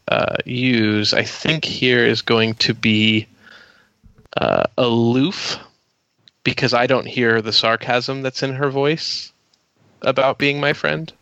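A man player explaining his moves in a tabletop role-play, slow and hesitant. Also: medium pitch, steady tone, bright, forceful tone, no echo. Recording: dull lo-fi audio.

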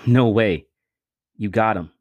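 A man voicing a frantic young boy who pleads and shouts in distress. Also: on the low side, slow pace, dry recording, voice pushed up. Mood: relieved.

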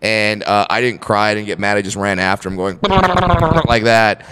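A man's voice: fairly low pitch, brisk, smooth. A man in his forties, a comedian guest, casually telling self-deprecating stories on a podcast and acting out quotes in bursts. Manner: self-deprecating storyteller, animated acted-out quotes.

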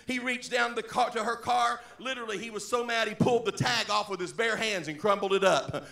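A folksy preacher spins a yarn from the pulpit, laughing often and shouting at times. His voice runs high with a gravelly rasp and a bright edge. The sound rings through an echoey church sanctuary. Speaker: pastor. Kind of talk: storytelling sermon.

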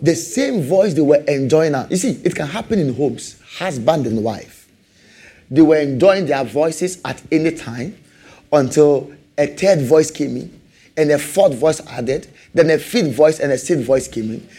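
A man preaching a sermon, animated, repeating rhetorical questions and laughing often. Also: on the high side, unhurried, husky.

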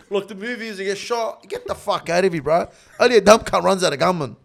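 A high-pitched man with an Australian accent, his voice rough and gravelly. He tells his story casually and swears constantly, getting loud and laughing as he goes. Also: fairly quick. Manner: gets loud and laughs while telling. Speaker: interview guest.

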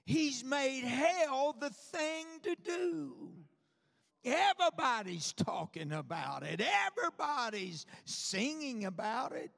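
Male preacher, high and raspy, slow and rhythmic, shouting sermon, big reverberant church. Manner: rhythmic, repetitive, builds to shouting. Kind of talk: fiery sermon. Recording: long reverb of a large hall.

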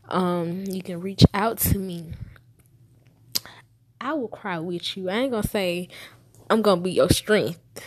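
A woman's voice: lowish voice, slow pace, pauses often, dry recording. A woman in her twenties telling a personal story to the camera, heartfelt and emotional, repeating herself as she holds back tears. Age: 20s.

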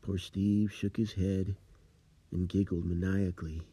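A man telling a creepy rhyming tale, slow and dramatic. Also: deep voice, little pitch movement, dark tone, breathy edge, dry recording. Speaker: storyteller. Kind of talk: spooky storytelling.

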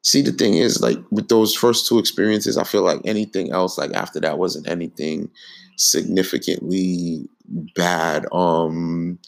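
A man's voice: low-pitched, steady tone, measured pace, creaky. A young man in casual chat, laid-back and slangy, laughing often.

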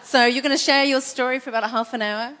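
A woman's voice: high-pitched, steady tone, fast, a bit bright. A woman hosting an event, introducing a guest speaker in an enthusiastic, encouraging way. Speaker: event host. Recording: reverberant hall.

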